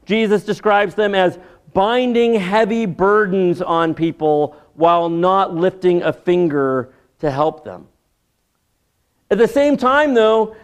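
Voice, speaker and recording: A man giving an expository sermon in a measured teaching manner, with dry asides. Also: high-pitched, darkish tone. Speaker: preacher.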